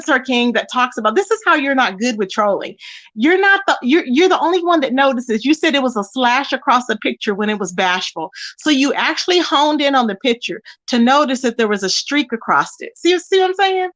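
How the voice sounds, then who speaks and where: An animated woman hosts a casual livestream, reading comments from her chat. She reacts with quick exclamations and bursts of laughter. Her voice sits a little high. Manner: animated, laughs often, calls viewers baby and child.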